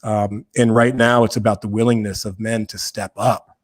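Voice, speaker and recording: Here the men's work founder, a podcast guest in a remote or studio recording, has a fairly low voice with little pitch movement and a moderate pace. Earnest and preacherly, he talks with conversational passion and keeps repeating phrases to drive his points home.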